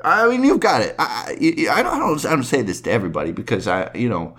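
A man impersonating a soft-spoken, polite male comedian in a halting, stammering voice. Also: very animated, gravelly, full character voice. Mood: bashful. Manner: high, halting, stammering goofball voice.

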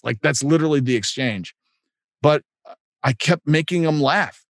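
A man tells showbiz anecdotes with animation and acts out the other voices. His voice sits slightly high, and the recording is close and dry. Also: normal speed, long pauses, no room sound. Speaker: guest, improv and voiceover actor. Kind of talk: anecdotal storytelling.

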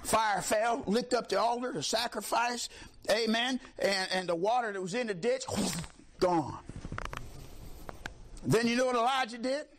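A man preaching a fiery sermon, shouting, mocking and laughing as the congregation answers back. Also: extremely high pitch, unhurried, slight background noise.

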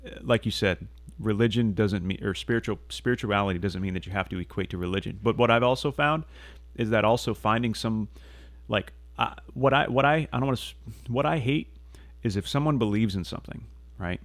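A man's voice: lowish voice, brisk, dry recording. A man talking casually on a podcast, earnest and rambling, with many restarts and fillers. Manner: casual swearing. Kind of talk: casual conversational monologue.

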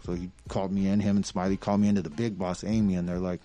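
A man spins a profane, lively yarn in a relaxed chat. He swears freely and acts out each quote as he goes. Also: sits low, fast. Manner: profane, animated storyteller who acts out quotes. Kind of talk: casual storytelling chat.

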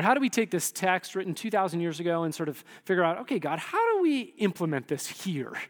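High-voiced pastor preaching in a reverberant hall. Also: male voice. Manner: conversational, animated, voices quotes with sudden shifts in loudness. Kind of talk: sermon.

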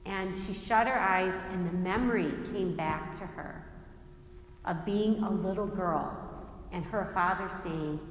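A woman's voice: lowish voice, a little slow, slight background noise. A woman giving a Christian faith talk, telling stories animatedly, acting out quotes and laughing often. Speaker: Christian speaker. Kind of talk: faith talk with personal storytelling. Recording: echoey hall with long reverb, faint ambience.

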